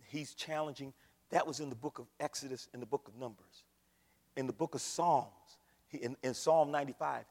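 A male pastor with a notably high voice delivers a sermon to his congregation. He rises to shouted exclamations and drops to near-whispers. The sound carries a long reverb, as in a large sanctuary. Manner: dynamic preaching that swings from shouting to hushed whispers.

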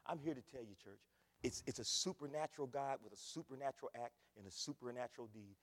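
A man preaching a sermon as pastor, repeating phrases and swinging from loud bursts to quiet asides. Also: medium pitch, quick pace, in a large hall. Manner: emphatic, repetitive preaching with big swings in loudness. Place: church.

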